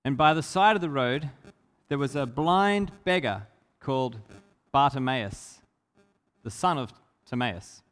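A man preaching a sermon, retelling a Bible story with lively energy and shouting out the lines of its characters. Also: mid-range voice, unhurried, pauses often, in a large hall.

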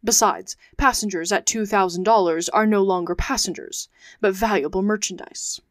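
A woman podcast host narrating a classic adventure novel aloud, reading in measured phrases. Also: mid-range voice, dry recording, studio quality. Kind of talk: audiobook narration.

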